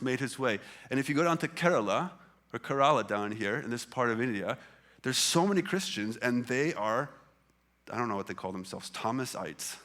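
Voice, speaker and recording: Guy pastor giving a chatty sermon, lots of uh and um, average pitch. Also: a bit bright. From Canada. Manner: conversational, many fillers and restarts. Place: church hall with congregation.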